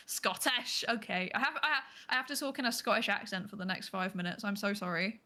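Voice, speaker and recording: A woman's voice: mid-range voice, fairly quick, bright, forceful tone. A woman with a Northern Irish accent, streaming and chatting casually, giggly and self-deprecating. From Northern Ireland. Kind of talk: casual chat.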